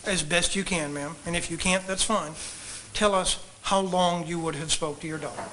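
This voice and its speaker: A man examining a witness in a courtroom, asking measured, polite, leading questions. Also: a little high, steady tone, sharp tone, a little hiss or hum, poor audio. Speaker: trial attorney questioning a witness.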